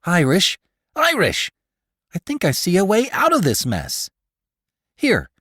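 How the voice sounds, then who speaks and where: A man plays a slight, nervous space photographer in a dry, close audiobook reading. His jittery, excitable lines jump all over in pitch, quick to alarm and quick to cheer. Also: no echo. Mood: urgent.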